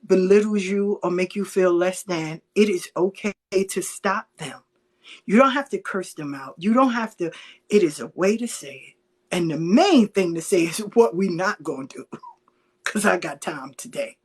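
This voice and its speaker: A middle-aged woman telling stories in a casual, animated chat, acting out the voices of the people she quotes. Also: medium pitch, a little slow, slightly rough.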